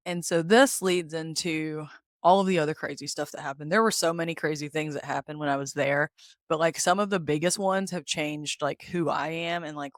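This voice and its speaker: A woman hosting a podcast, candidly retelling her own story in a casual, animated way and acting out the quoted dialogue. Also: low-pitched, dry recording, clean studio sound. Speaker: podcast host. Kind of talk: personal storytelling.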